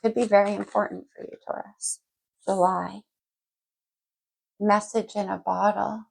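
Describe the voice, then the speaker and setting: A woman's voice: medium pitch, little pitch movement, measured pace, gravelly, a little mellow, rough recording. A woman giving a casual general tarot reading, talking straight to the viewer and wandering off her thread before picking it back up. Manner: rambling, loses and picks up her thread; talks straight to the viewer by sign. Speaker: tarot reader.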